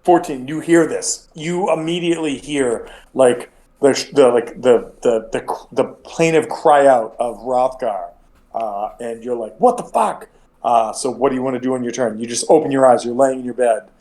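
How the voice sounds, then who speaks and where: A man's voice: medium pitch, moderate pace, mellow. Rambling casual male game master. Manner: casual, rambling with frequent restarts. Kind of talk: narrating a tabletop game.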